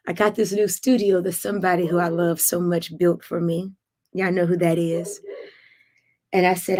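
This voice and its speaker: A middle-aged woman singer chatting effusively to viewers on her weekly livestream. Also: on the low side. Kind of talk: casual livestream chat.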